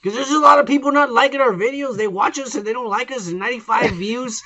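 A rowdy, profane man with a high-pitched voice co-hosts a beer-soaked podcast. His tone is bright and edgy, and he swings between mock outrage and laughter. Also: fast. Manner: loud, profane, rowdy, tipsy. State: drinking beer. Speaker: podcast co-host. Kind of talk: drunk casual banter reading comments.

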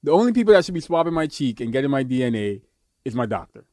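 A man's voice: medium pitch, big pitch swings, quick pace, darkish tone, no room sound, clean studio sound. A young man co-hosting a podcast in casual chat, rambling and joking with lots of fillers and restarts. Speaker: podcast co-host.

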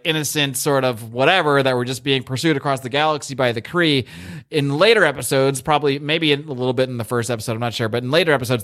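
A man's voice: mid-range voice, fairly bright tone. A man co-hosting a podcast, giving rambling, opinionated takes in casual chat, swearing freely and often restarting his sentences. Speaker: podcast co-host. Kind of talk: casual chat reviewing a TV show.

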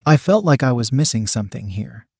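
A man reading a first-person story aloud in an even, measured narration. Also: mid-range voice, slightly rough, dry recording, studio quality. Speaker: audiobook narrator.

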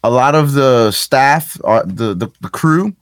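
A man in a casual podcast chat, telling a story at an unhurried pace. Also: mid-range voice, lively intonation, clear, resonant tone, dry recording. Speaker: podcast co-host.

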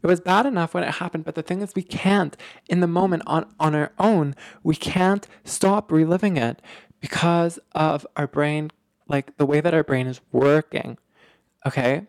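A podcast host explaining relationship ideas in casual, animated talk, full of fillers, restarts and emphatic repeats. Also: mid-range voice, normal speed, no room sound, studio quality. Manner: animated, emphatic, lots of filler words and repetition.

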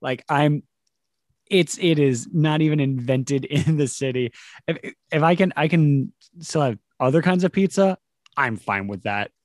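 A man's voice: a little high, a little slow, dry recording, studio quality. A man in his thirties, a comedian guest on a casual podcast, rambling with frequent laughs. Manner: laughing, rambling, slips into mock voices.

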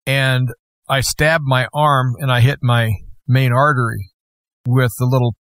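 A man's voice: medium pitch, flat delivery, a bit bright, no echo. Earnest man telling his story, dry sound. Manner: earnest, slow and measured storytelling. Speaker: guest host. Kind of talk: personal testimony.

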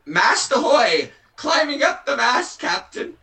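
A man voicing an eager, clumsy young pirate lookout in an improvised comedy, stammering and squeaky. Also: sing-song, slow, gravelly, bright, forceful tone, exaggerated voice. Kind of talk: improvised comedy role-play.

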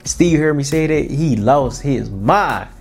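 A man's voice: on the high side, animated, slow pace, darkish tone, breathy edge, faint music behind. Earnest man giving a motivational talk. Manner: earnest, repeats himself, colloquial. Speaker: podcast host.

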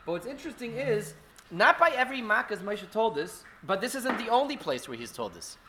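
A man's voice: high-pitched, big pitch swings, brisk, bright, forceful tone, slight background noise. A man teaching an informal Torah class at an indoor gathering, speaking in a conversational way full of fillers and restarts.

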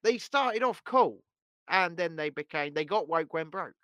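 A man co-hosting a casual podcast chat, animated and often stumbling over restarts. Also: fairly high pitch, unhurried, clean tone, no room sound. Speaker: podcast co-host.

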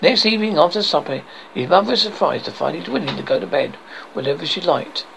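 A man, a horror host, reading a fairy tale aloud with expressive delivery, stumbling and correcting words. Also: a little high, fast talker, vocal fry, background noise. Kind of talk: storybook reading.

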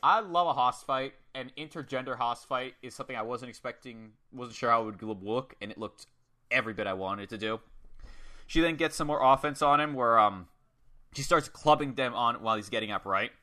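A man excitedly recapping a wrestling match in casual, profane chat. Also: mid-range voice, brisk. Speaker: podcast co-host.

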